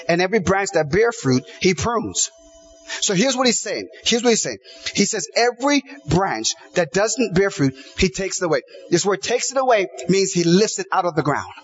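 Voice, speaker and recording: A man's voice: high voice, animated, normal speed, muffled recording, faint music behind. A man preaching a sermon, emphatic, piling up repeated phrases and quoting scripture. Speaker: pastor.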